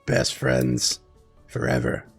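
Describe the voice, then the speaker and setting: A man's voice: slow pace, soft background music, natural voice. A man voicing a brash, teasing green-skinned ghoul man in a tabletop game. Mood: cocky banter. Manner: cocky, teasing.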